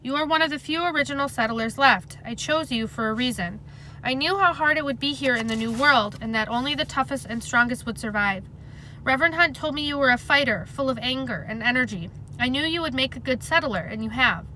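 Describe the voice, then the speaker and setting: A woman voicing a wounded male colonial captain who speaks in a hoarse, quiet, grave way. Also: sits high, brisk, slight background noise, rough recording. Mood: grave, weary. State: hoarse whisper.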